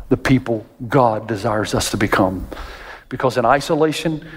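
A man preaching a sermon as pastor, animated and jokey, jumping way up in pitch and volume when he acts out quoted voices. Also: moderate pace, breathy edge. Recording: long hall reverb.

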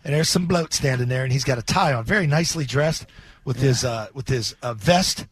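A man co-hosting sports radio who tells stories in a loose, animated way. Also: mid-range voice, a little fast, husky, no echo. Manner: animated storyteller. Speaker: radio co-host and former player. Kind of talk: casual sports radio banter.

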